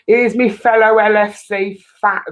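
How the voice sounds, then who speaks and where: A woman's voice: medium pitch, little pitch movement, a little slow, lo-fi sound. Chatty woman host. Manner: chatty, rambling, laughs often. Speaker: live stream host. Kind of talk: casual live stream chat.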